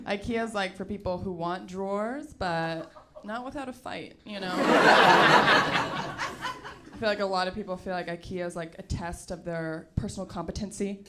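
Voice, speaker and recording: A woman's voice: mid-range voice, moderate pace. A young woman doing a teasing, self-deprecating stand-up set on a club stage, laughing at her own jokes. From Sweden. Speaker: stand-up comedian. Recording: noisy live club recording. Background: audience laughter.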